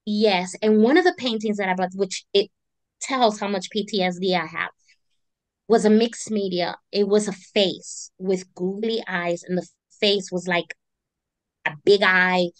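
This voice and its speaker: Animated woman telling her story. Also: mid-range voice, unhurried, dry recording. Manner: animated, acts out voices in her stories. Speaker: guest, artist and army veteran. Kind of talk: conversational storytelling.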